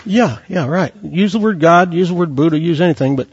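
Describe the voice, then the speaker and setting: A man delivers a fiery sermon in a high, husky voice that leaps around in pitch. He quotes scripture and presses his listeners with rhetorical questions. The recording is dull and lo-fi. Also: brisk. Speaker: preacher.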